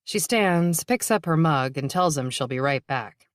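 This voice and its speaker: A woman narrating a novel in a measured, even reading. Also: sits low, no room sound, clean studio sound. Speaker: audiobook narrator. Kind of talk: scripted narration.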